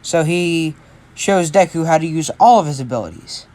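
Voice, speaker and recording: A tired amateur storyteller improvises a fan story. The delivery rambles and keeps backing up to correct itself, at an ordinary middle pitch. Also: lively intonation, normal speed, darkish tone. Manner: rambling, self-correcting, unscripted.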